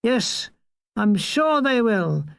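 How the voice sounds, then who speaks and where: An eager, salesy showbiz agent in his thirties, as an older woman reading a memoir puts him on, pushing his pitch a little higher as he sells the act. The sound is dry and close. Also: sing-song, very slow, gravelly, no echo, exaggerated voice. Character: hyperactive balding male showbiz agent, thirties.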